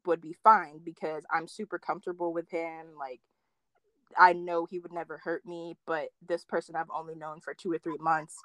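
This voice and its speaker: A young woman telling dating stories in casual chat, full of "like" fillers and quoting others with big jumps in pitch. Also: no echo. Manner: animated storyteller, acts out quotes with big pitch jumps, many "like" fillers.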